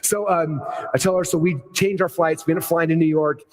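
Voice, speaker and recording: A middle-aged man speaking on stage to a live audience, telling a long rambling story in an excited, playful way. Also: on the high side, fairly quick. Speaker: keynote speaker.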